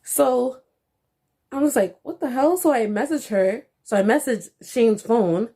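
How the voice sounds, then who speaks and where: A young woman vlogger telling a story in a casual, animated way, filling her talk with "like" and acting out the dialogue. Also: fairly high pitch, unhurried. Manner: animated, lots of "like", acts out dialogue.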